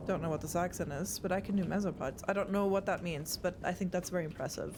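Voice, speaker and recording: A woman's voice: lowish voice, fairly even intonation, fast talker, few pauses, background noise. A young woman streaming a horror game, chatting casually with her viewers and swearing often. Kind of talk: casual live gameplay chat.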